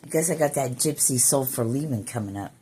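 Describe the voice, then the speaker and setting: A middle-aged woman vlogger talks casually into her phone camera in a very deep, dark, expressive voice, speaking fairly quickly. She is blunt, swears freely, talks to herself, and sounds irritated. The recording is rough, with slight background noise.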